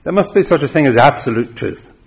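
A man preaching a sermon, with emphatic stresses that rise loud and then drop quiet. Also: mid-range voice, lively intonation, a little fast, vocal fry.

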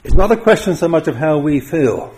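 A man preaching a sermon, with emphatic stresses that rise loud and then drop quiet. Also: a little high, lively intonation, a little fast, a little hiss or hum.

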